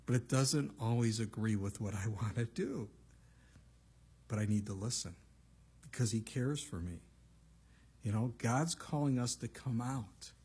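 Husky-voiced man preaching a sermon. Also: medium pitch, mellow. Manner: conversational preaching with frequent asides. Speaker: pastor.

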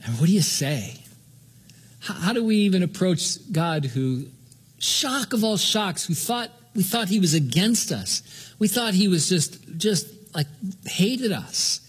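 A man's voice: high-pitched, lively intonation, a little slow, slightly rough. An older man from Southern California preaching a sermon as pastor, in an earnest, conversational way that often stops and restarts mid-sentence.

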